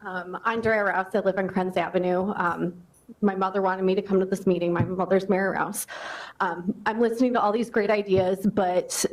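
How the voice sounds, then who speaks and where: A woman makes a public comment at a town meeting, hesitant and pausing on ums. Her voice is at a middling pitch. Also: rough recording. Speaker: resident.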